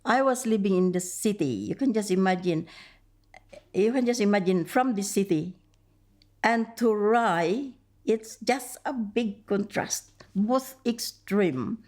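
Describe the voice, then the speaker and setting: A woman's voice: mid-range voice, slow, a little mellow. A middle-aged woman from the Philippines with a Filipino accent, recalling her arrival in a documentary interview, often repeating phrases and acting out her past thoughts. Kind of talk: documentary interview, personal story.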